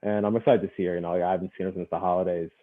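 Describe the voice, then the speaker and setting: A young man with a very deep voice tells a personal story as a podcast guest. He talks loosely and casually, leans on fillers, and laughs easily. His voice comes through thin and narrow, like a phone line. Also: very fast. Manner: relaxed, laughs often, many fillers like "you know".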